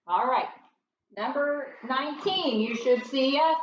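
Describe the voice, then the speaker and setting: Slow high-voiced woman teaching phonics. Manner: patient step-by-step explaining. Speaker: first grade teacher. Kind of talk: phonics lesson. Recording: roomy, distant, dull home recording.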